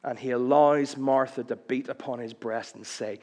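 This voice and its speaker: A man's voice: fairly even intonation, moderate pace, darkish tone, long reverb tail. A man preaching a sermon, impassioned, acting out quoted cries as his voice rises. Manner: impassioned, acts out quoted cries with rising pitch.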